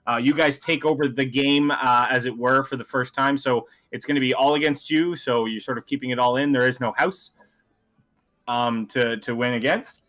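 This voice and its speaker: A man's voice: mid-range voice, fairly even intonation, moderate pace, a bit bright. A man running a casual tabletop game as game master, explaining rules in rambling, self-correcting bursts.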